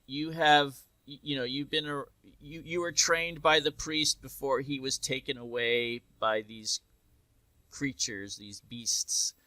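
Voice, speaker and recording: A man serving as game master with a bright, fairly high voice, recorded dry and close. He narrates scenes in a rambling way, full of restarts and fillers. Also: no room sound.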